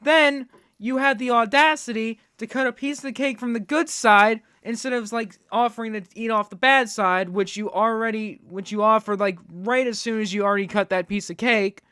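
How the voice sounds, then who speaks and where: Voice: medium pitch, steady tone, normal speed, bright, forceful tone, smooth, no echo, clean studio sound. A reaction video host ranting indignantly, with heavy swearing.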